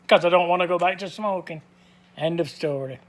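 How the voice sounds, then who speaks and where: A man's voice: high voice, brisk. An older man giving a blunt, plain-spoken monologue to camera, repeating his points to drive them home. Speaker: vlogger.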